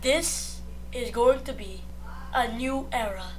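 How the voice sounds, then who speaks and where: A woman commentating on a racing league, muttering asides between shouted, excited play-by-play. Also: a little high, slow pace. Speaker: race commentator.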